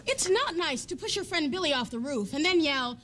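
A young woman performing a deadpan comic advice segment for a sketch show, breaking into sudden loud shouts. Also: high voice, fairly quick. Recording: studio audience laughter, noisy. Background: studio audience laughing.

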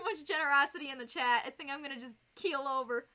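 A high, bright-voiced woman with a Northern US accent, chatting on a live stream as she crafts. She is bubbly and giggly and talks straight to her viewers in a casual, friendly way. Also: fast. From United States. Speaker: fursuit maker streaming live.

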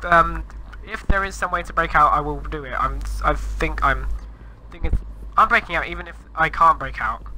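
A man's voice: a little high, normal speed, pushed and bright, slight background noise, low-quality recording. A man commenting on Minecraft gameplay in a flustered, exclaiming and rambling way. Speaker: gamer.

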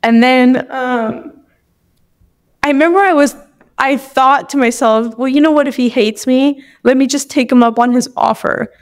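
Young woman on a podcast telling a story, kinda emotional, says like a lot, higher voice. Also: moderate pace. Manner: emotional, tearful at moments, lots of "like". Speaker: podcast guest. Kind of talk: personal storytelling in a podcast interview.

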